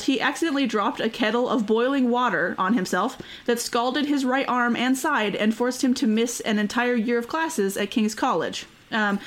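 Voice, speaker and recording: A woman hosting a casual history podcast. She is chatty, uses many fillers and laughs often. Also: a little high. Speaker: podcast host.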